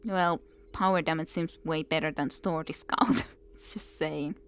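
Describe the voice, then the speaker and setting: Woman streamer, chatty and rambling, lower pitch, casual commentary. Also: steady tone, measured pace, clean tone. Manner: chatty, reads game text aloud.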